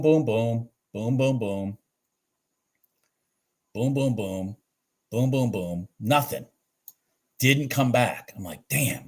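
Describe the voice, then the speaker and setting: A man hosting a trading channel, reviewing his live trades on charts in a lively, swearing, self-talking way. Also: medium pitch. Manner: animated, swears and talks to himself about the charts.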